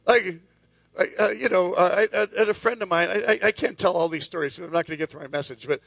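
A man's voice: sits high, quick pace, creaky, a bit bright, no room sound. A middle-aged male pastor preaching a sermon, telling stories with many restarts and asides. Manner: storytelling with lots of restarts and asides.

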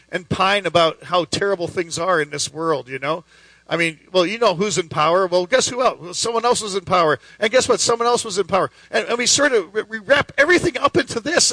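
A man's voice: high-pitched, bright, forceful tone, dry recording, low-quality recording. A man preaching a sermon in an emphatic, conversational way, full of rhetorical questions.

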